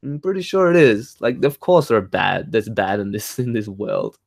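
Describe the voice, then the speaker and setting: A man's voice: lowish voice, very animated, normal speed, creaky, dry recording, clean studio sound. A man ranting heatedly in casual talk, swearing and laughing as he reads and answers comments. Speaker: spiritual talk host reading chat.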